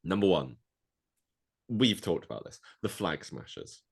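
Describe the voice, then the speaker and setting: A man from Europe co-hosting a loose, casual podcast chat, playful and teasing and quick to laugh. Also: sits low, very animated, gravelly, husky. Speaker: podcast co-host.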